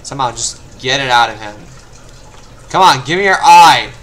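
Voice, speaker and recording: A young let's play host with a mid-range voice and lively intonation talks at a moderate pace over slight background noise. Commenting on his gameplay, he moves between muttering and frustrated shouting.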